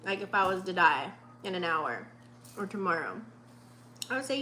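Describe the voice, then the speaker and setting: A woman's voice: medium pitch, sing-song, moderate pace, long pauses, pushed and bright, slight background noise. A woman in her late thirties giving a casual, profane, heartfelt pep talk in a spiritual vlog, with many fillers. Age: 30s. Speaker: vlogger.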